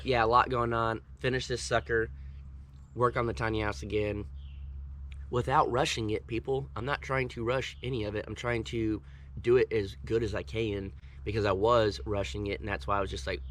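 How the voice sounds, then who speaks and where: Guy co-hosting a chill chat in the woods, lowish voice, rambly and jokey. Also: fairly bright tone. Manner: rambling, joking, filler-heavy. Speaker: co-host. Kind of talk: casual chat. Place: outdoors in the woods.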